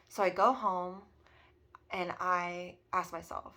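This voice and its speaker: A woman's voice: mid-range voice, fairly even intonation, measured pace, sharp tone. A woman in her thirties talking earnestly and emotionally about personal healing, with many fillers. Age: 30s. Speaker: spiritual vlogger. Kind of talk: personal reflective monologue.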